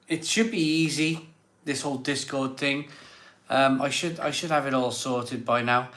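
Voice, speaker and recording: Male live-stream host, mid-pitched, effusive and a bit choked up, repeats his thank-yous, roomy echo. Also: fairly even intonation, moderate pace, a bit bright. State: emotional, catching his breath. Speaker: live stream host reading viewer messages. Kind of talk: casual live stream chat. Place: home room set up as a virtual pub. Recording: echoey room.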